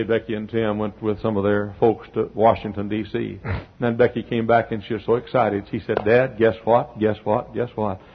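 An older male preacher with a husky, slightly breathy voice, working a sermon in a folksy way. He swells up to near-shouted peaks, then drops to quiet, close asides. The recording is dull and lo-fi, like an old sermon tape. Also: mid-range voice. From Texas.

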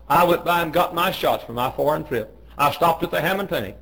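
A man's voice: a little high, lively intonation, normal speed, gravelly, a bit bright, slightly rough, rough recording. A middle-aged man, a pastor, telling joking stories in a folksy way on a radio devotional. He raises his voice when he quotes people.

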